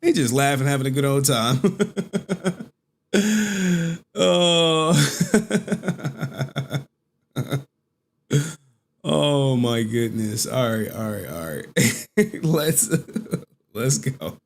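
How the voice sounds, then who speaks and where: A man's voice: mid-range voice, animated, very slow, creaky, pauses often. A man hosting a stream, giving casual, rambling commentary and repeatedly breaking into giggles. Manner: giggly, breaks into frequent laughter; loose, rambling, repeats himself. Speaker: streamer host.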